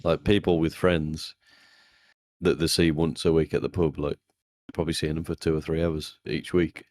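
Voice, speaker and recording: A man's voice: extremely low pitch, little pitch movement, normal speed, darkish tone. A man co-hosting a podcast, chatting in a laid-back way with casual swearing. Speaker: podcast co-host. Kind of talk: casual chat.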